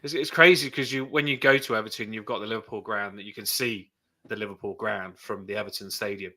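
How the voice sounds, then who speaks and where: A man's voice: on the low side, steady tone, fast, bright, forceful tone. A man, a guest talking earnestly and enthusiastically about football. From England. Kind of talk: casual conversation.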